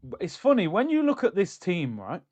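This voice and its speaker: A man hosting a casual football livestream, talking in an animated, chatty way and answering comments from his chat. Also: sits high, moderate pace, highs cut off. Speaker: football streamer.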